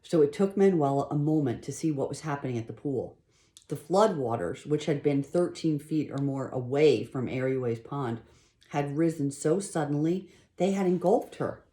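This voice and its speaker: A woman reading a children's novel aloud at home in a plain, unpolished way, stopping now and then to correct herself or add a quick aside. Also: deep voice, expressive, mellow. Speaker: storybook reader.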